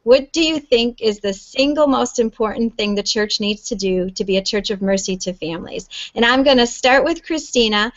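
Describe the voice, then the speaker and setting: A woman with a fairly high voice moderates a panel. She hands over questions in a loose, friendly way, with some fillers. The sound is dry and dull. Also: no echo.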